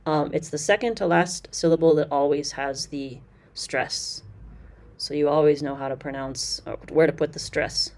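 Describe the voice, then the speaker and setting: A woman with a notably low voice talks through a language course, pausing often with ums and starting her sentences over. Her delivery is loose and conversational, like an informal review. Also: fairly even intonation, darkish tone. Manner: chatty, explanatory, with frequent fillers and restarts. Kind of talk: casual review commentary.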